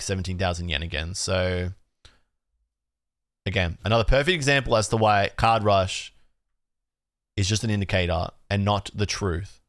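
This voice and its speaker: A young Australian man chatting casually on a live stream, relaxed and talky, redoing his outro lines. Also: on the low side, no room sound, studio quality. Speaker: streamer and card collecting host.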